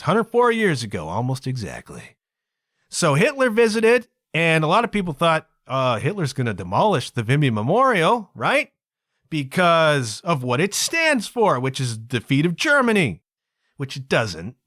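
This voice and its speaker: A man's voice: medium pitch, a bit bright, dry recording, studio quality. A man from Canada hosting his own podcast, talking in a chatty, digressive way and tagging his points with asides like "okay?" and "kids". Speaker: podcast host. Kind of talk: casual solo podcast monologue.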